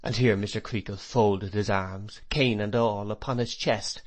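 In a voice on the low side, a man narrates a classic novel as an audiobook. The reading is scripted, expressive, and measured.

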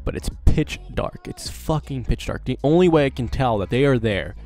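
A man's voice: medium pitch, lively intonation, normal speed, darkish tone, soft background music. A teenage boy telling a story casually to camera as a vlogger, rambling and swearing with lots of fillers.

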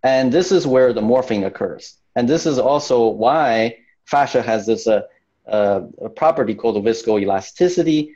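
Male fitness coach guest, warm mellow tone, earnest and explanatory, slightly dull video-call audio. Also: mid-range voice, moderate pace. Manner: earnest, repeats words while finding phrasing. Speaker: fascia training coach, guest. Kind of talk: explanatory interview answer.

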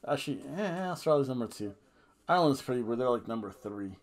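A fast talker with a medium-pitched, lively voice, he co-hosts a podcast and casually reviews a wrestling show. A bit tipsy from red wine, he's jokey and rambling, breaking into goofy singing and chants.

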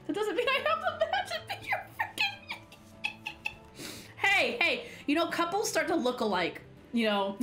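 A young woman chats through a game stream, giggling nearly nonstop. Her voice sits high and swings widely in pitch, and she takes her time with the words. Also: a bit bright. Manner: giggly, laughs constantly while talking. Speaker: gaming streamer. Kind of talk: casual let's-play chat.

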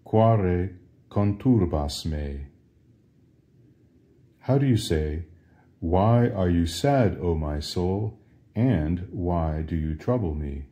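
A man's voice: low voice, dark tone. A man teaching Latin altar server responses in a patient question-and-answer drill, asking how to say each phrase and then answering it. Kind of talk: slow drill-style language lesson.

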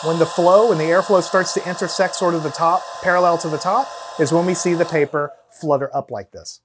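A man's voice: fairly high pitch, fairly even intonation, brisk, noisy background. A man teaching physics, explaining hands-on demonstrations step by step and counting down before each one. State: out of breath at times from blowing. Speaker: science teacher.

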